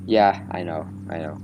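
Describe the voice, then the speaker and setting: Sleepy, rambling man. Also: deep voice. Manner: rambling small talk, slurred words. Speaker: gaming let's-play host. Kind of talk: casual gameplay commentary.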